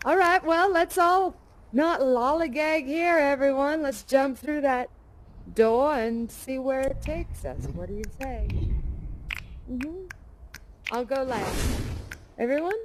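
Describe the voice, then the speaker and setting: A plucky 1930s woman aviator, talking in a high, bright-pitched voice. She is folksy and hearty, rallying her listeners and spinning animated tales. A faint hiss of noise sits under her voice. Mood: cheerful. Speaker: live actor in a virtual reality theater show. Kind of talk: interactive theatrical role-play with an audience.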